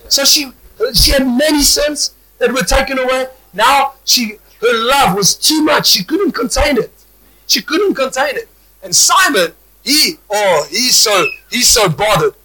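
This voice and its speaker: A man preaching a sermon, animated, stumbling over restarts and rising to shouts. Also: high voice, poor audio.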